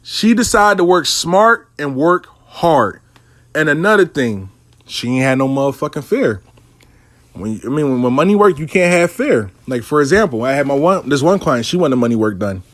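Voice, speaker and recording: A man's voice: on the high side, moderate pace, no room sound. A man telling a casual, profanity-laced story about his money coaching clients. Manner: animated, profane street talk.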